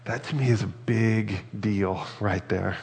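A male pastor preaches in an earnest, reflective way, with a low, gravelly voice. His words ring out with a long reverb, as if he were in a large hall. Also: steady tone, unhurried, darkish tone. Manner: earnest, reflective, reads scripture aloud. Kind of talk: sermon.

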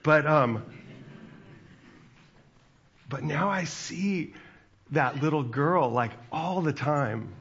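A man's voice: fairly high pitch, animated, extremely slow, pauses often, a bit bright, husky, muffled recording. A man in his forties, a pastor, giving a chatty sermon with asides to the congregation.

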